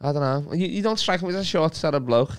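A man's voice: on the high side, expressive, quick pace, clear, resonant tone. A man with a Liverpool accent, a comedian guest on a podcast, chatting casually in a rambling way, swearing and laughing often.

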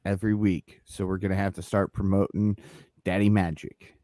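A man's voice: low voice, level tone, normal speed, mellow, dry recording. A man co-hosting a podcast, chatting casually and laughing often while looking things up. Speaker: podcast co-host. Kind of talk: casual chat about wrestling.

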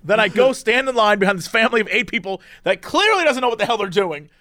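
Close-miked and dry, this man speaks high and with a lot of swing in his pitch. He tells his story casually and animatedly, mimicking the voices of the people in it. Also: lively intonation, quick pace, bright, forceful tone, no room sound. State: tired from no sleep. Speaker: podcast co-host.

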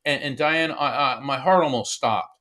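A man's voice: medium pitch, moderate pace, bright, forceful tone. A man, a medium and author, telling an earnest personal story as an interview guest, with many restarts. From Florida.

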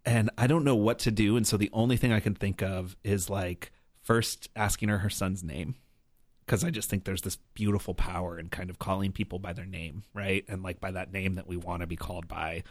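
A man's voice: sits low, steady tone, fairly quick, no room sound, studio quality. A man telling a personal story as a podcast guest, earnest and reflective, often checking in with "right?". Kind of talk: conversational storytelling.

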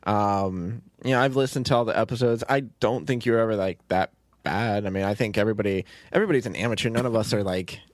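A man's voice: fairly low pitch, quick pace, no room sound. A man hosting a casual podcast chat, easygoing and agreeable, often nodding along with short replies. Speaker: podcast host and show creator.

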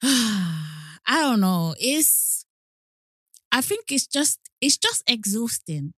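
A woman co-hosting a podcast, calm and thoughtful, often agreeing. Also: a little high, very slow, slightly rough, no room sound, clean studio sound. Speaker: podcast co-host. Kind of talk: casual chat.

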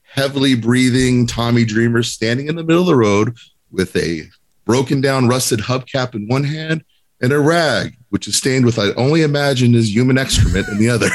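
A man on a podcast telling a comic anecdote with lively, building tension. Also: medium pitch, normal speed. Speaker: podcast co-host telling a story. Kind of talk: animated anecdote.

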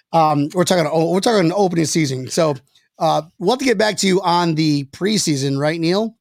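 A high-pitched man with a gravelly, creaky edge hosts a casual sports podcast, rambling excitedly and laughing often. The sound is dry and close, with no room echo. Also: normal speed. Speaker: podcast host.

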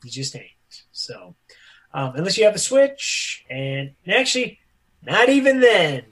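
A man's voice: a little high, very animated, measured pace, fairly bright tone. Jokey man co-hosting a podcast. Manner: jokey, riffs into goofy voices. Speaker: podcast co-host. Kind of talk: casual chat.

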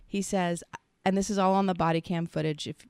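Earnest woman chatting on a podcast, bit of vocal fry, dry close sound. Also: fairly low pitch, fairly even intonation, a little fast, darkish tone, no room sound. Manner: earnest and reflective, speaks in long searching sentences. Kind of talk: casual conversation.

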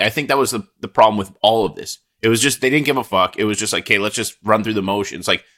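Blunt, bright-voiced Canadian man. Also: on the low side. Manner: blunt, emphatic, heavy swearing. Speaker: podcast co-host. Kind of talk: casual podcast chat.

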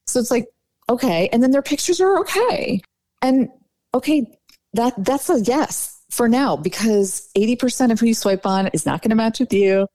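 A woman's voice: on the high side, normal speed, dry recording. Chatty woman dating coach, dry sound. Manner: chatty, animated, lots of "like" and "you know". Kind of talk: casual podcast interview.

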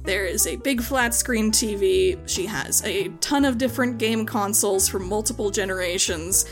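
A woman runs a tabletop game, describing scenes in a loose, chatty way full of likes and ums. Her voice sits at an ordinary middle pitch, with faint music playing behind her. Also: normal speed. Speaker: game master.

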